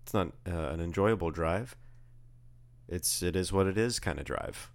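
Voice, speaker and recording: A man's voice: sits low, moderate pace. A young man co-hosting a casual chat, joking and rambling through stories. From Southern California. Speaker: podcast co-host.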